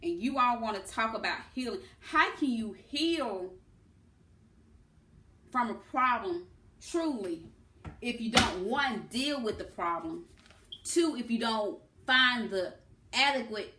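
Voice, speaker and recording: A woman speaks slowly and deliberately in an impassioned political monologue. She leans hard on key words. Her voice rings in an echoey room. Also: on the high side, expressive, sharp tone. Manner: impassioned, emphatic, stresses words. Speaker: political commentator.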